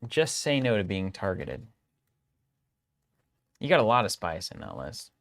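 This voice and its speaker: A young man with a fairly low voice, chatting casually on a game livestream. He jokes freely, riffs on side topics, and calls out viewers in the chat by name. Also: unhurried. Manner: joking, animated, greets chat viewers. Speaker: stream co-host.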